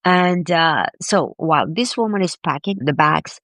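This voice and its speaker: A woman being interviewed as a grief expert, telling a personal story in an animated, emphatic way and often repeating words. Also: on the low side, moderate pace, no room sound. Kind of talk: conversational storytelling.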